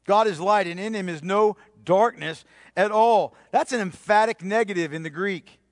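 A man delivers a sermon in a high, ringing voice, pressing his points through repetition. He often sinks to a hushed, intimate tone for emphasis. The sound is close and dry, with no room around it. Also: normal speed, no room sound. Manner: emphatic, repeats key phrases, drops to near-whisper for stress. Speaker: pastor.

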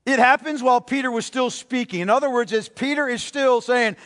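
A male preacher giving a sermon, emphatic and repeating key phrases, swinging between loud and hushed delivery. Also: extremely high pitch, a little fast. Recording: long reverb of a large hall.

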